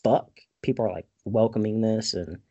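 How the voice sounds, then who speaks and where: A man's voice: mid-range voice, animated, a little slow, a little mellow, dull audio. A man hosting a podcast, casually recapping a movie in a rambling, profane way and laughing often, recorded over a video call. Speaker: podcast host.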